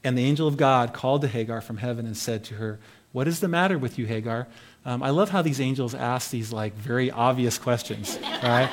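Male Bible teacher, mid-pitch, casual devotional tone, reads and comments conversationally. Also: a little fast, slight background noise. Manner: conversational, reads scripture then comments with asides.

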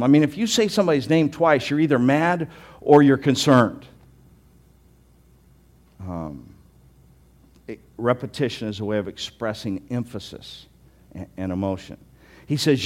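A man's voice: mid-range voice, expressive, measured pace. Earnest male pastor preaching. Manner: earnest, emphatic preaching with restarts and swings between loud and quiet. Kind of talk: sermon.

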